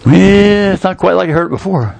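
Male preacher, high voice, very lively delivery, storytelling sermon. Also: a little fast, vocal fry. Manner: animated storytelling, acting out scenes.

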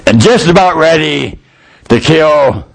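A man's voice: fairly high pitch, expressive, slow pace, gravelly. Folksy older man preaching. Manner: folksy, colloquial storytelling with rising fervor. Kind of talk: sermon.

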